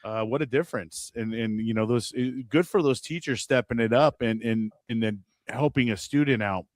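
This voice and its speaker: A man's voice: medium pitch, normal speed, no echo. A man from the Los Angeles area co-hosts a podcast with a reflective, easygoing delivery and a middle-range voice. He keeps checking in with his listener as he talks. The recording is dry and close. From Los Angeles County. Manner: reflective, conversational, leans on "you know what I mean". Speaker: podcast co-host. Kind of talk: casual chat.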